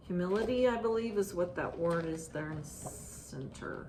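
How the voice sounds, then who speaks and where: A woman chatting casually about her stitching projects, halting and restarting often with ums. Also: fairly low pitch. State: out of breath. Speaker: stitching vlogger. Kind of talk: casual show-and-tell chat. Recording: echoey room, faint ambient noise.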